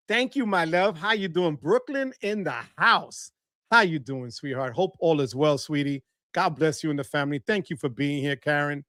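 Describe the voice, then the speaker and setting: A middle-aged man, hosting a casual livestream, reading out viewer comments in an animated, playful way. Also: on the high side, no room sound, clean studio sound. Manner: animated, playful, shouts catchphrases. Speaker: livestream host.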